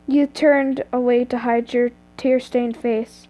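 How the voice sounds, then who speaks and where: Sex: woman. Style: reading a story aloud. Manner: stumbling, self-correcting, slow. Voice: high and mellow. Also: steady tone. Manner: stumbles and corrects herself often. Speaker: reader of fan fiction.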